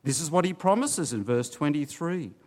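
A man preaching a sermon, swinging between loud urging and low, hushed warnings. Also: expressive, moderate pace. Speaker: pastor.

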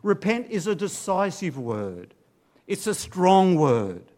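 Man giving a sermon, slow and dramatic, goes loud then hushed, fairly high voice. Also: very animated. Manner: dramatic, swings between loud urging and low hushed warnings. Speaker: pastor.

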